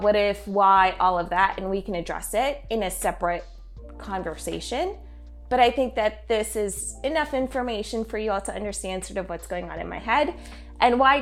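A woman hosting her own podcast, talking candidly and conversationally as a business consultant, often tossing in "right?" and light laughs. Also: on the high side. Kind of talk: casual solo podcast monologue.

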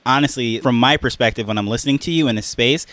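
A man's voice: mid-range voice, fast talker, a bit bright, dry recording. Friendly male podcast host. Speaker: interview host. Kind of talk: casual chat.

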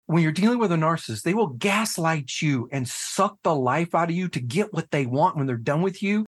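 Animated man telling his story, swearing freely. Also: on the high side, moderate pace, slightly rough. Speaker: guest, head of a fathers' nonprofit. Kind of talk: casual podcast conversation.

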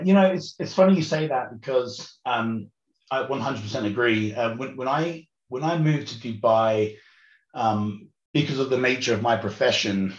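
A man in his thirties with a London accent carrying a slight Australian and South African twang, a podcast guest who talks chattily with many ums and restarts. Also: on the low side. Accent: British, London, with slight Australian and South African twang. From West London, England. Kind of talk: conversational interview. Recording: roomy, dull remote audio.

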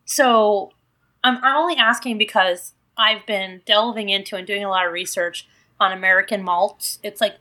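A woman's voice: mid-range voice, moderate pace, sharp tone. A woman co-hosting a casual podcast, chatty and inquisitive about whiskey. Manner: chatty, inquisitive, laughs easily. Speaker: podcast co-host, whiskey enthusiast.

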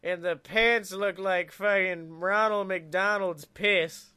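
A man's voice: high voice, fairly even intonation, slow pace, pushed and bright, clear, resonant tone. A man co-hosting a comedy podcast, telling a rambling, profane joke and laughing at his own lines. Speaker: podcast co-host.

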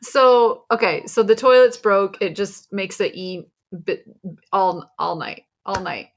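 Middle-aged mom co-host, unhurried delivery, gravelly edge, rambling and exasperated. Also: female voice, mid-range voice, fairly even intonation. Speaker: podcast co-host, mother. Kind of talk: casual chat.

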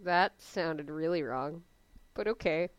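A young woman in a casual podcast chat, chatty and excitable, talking with lots of fillers. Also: deep voice, slow pace, smooth, no echo. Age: young adult. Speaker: podcast co-host.

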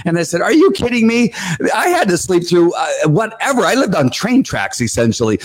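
A man's voice: sits high, big pitch swings, brisk, breathy edge. A man giving a rambling, heated speech, ranting bluntly with many fillers and restarts while he gets sweaty and worked up. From California. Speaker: political speaker. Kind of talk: rally speech.

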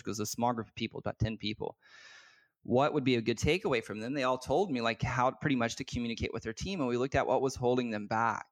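A man speaking as a guest business coach, telling a personal story earnestly and from the heart, with many filler words and restarts. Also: medium pitch. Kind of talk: candid personal storytelling in conversation.

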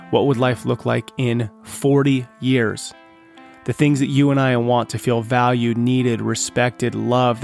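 Earnest male podcast host in his thirties, gravelly voice, motivational and direct, soft guitar bed. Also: medium pitch. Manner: earnest, pep-talk, addresses dads directly. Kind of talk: solo motivational podcast talk.

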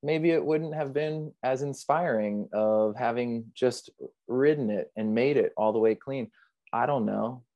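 A man's voice: mid-range voice, measured pace, no room sound, highs cut off. A man, a surfer guest on an interview podcast, retelling a near-drowning in a vivid, earnest and reflective way. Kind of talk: emotional storytelling in an interview.

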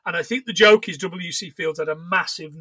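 Bright high-voiced man in casual chat. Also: brisk, husky, no echo. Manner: rambling, sweary, recounts what he has watched. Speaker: podcast co-host.

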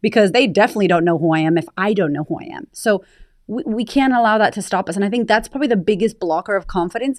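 An American woman who works as a confidence coach tells her story openly and emphatically as a guest on an interview podcast. Her voice is mid-range, and the studio-quality recording has no echo.

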